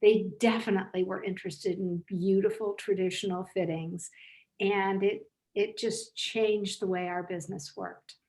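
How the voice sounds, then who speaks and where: Older woman telling lively anecdotes. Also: mid-range voice, moderate pace, rough recording. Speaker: author and business founder, guest. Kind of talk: storytelling interview answers. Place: home, on a video call. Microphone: video call.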